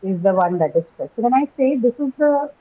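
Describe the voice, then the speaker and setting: A woman's voice: a little high, lively intonation, fairly quick, mellow. A woman teaching an English lesson over a video call, explaining step by step with many fillers and "right?" checks. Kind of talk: online class lecture. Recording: dull lo-fi online call audio.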